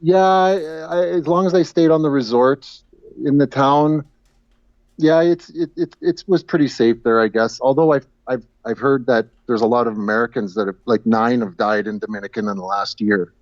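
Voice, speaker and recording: Calling in as a guest for a casual chat, a medium-pitched man talks haltingly, repeating words and laughing at his own jokes. The video-call audio is muffled and dull, recorded totally dry with no room sound.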